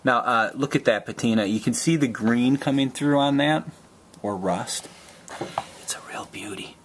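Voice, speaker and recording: A man's voice: mid-range voice, moderate pace, slight background noise. A man with a Minnesota accent chatting in a casual, unscripted vlog, rambling with fillers and restarts as he shows and prices items, griping and swearing now and then. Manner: rambling and chatty, with frequent fillers and self-corrections; gripes with mild swearing. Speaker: collector selling and trading items.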